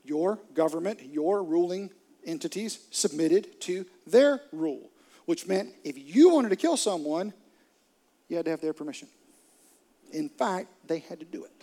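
A man preaches a sermon as a dramatic storyteller, his slightly high voice sinking to hushed near-whispers and then swelling into loud bursts. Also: expressive, a little slow. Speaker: pastor.

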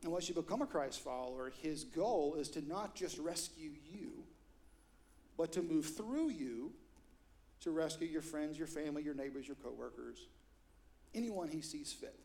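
At a moderate pace, a middle-aged pastor tells stories through his sermon in church. Quotes get acted out with sudden loud, high bursts in an animated delivery.

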